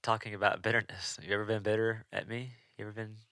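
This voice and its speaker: A man's voice: on the low side, level tone, fast, sharp tone, no echo, clean studio sound. A young man co-hosting a podcast, chatting casually and telling stories with easy laughs. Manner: chatty, laughs easily, storytelling. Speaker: podcast co-host. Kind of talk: casual chat.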